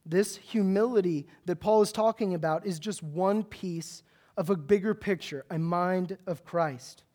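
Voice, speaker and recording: A young adult man preaching a sermon with a loud, big voice, telling stories with animated, self-mocking humor. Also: high voice, unhurried.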